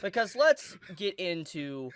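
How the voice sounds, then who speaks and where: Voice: medium pitch, very animated, slow pace, smooth. Dramatic, mock-serious commentary voice. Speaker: YouTube commentator. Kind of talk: scripted video commentary.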